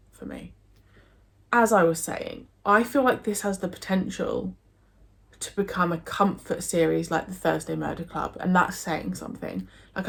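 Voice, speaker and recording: Here a young book vlogger from England, with a lowish voice and noticeable vocal fry, gushes about her recent reads in a relaxed review chat. She uses lots of fillers and keeps restarting her sentences.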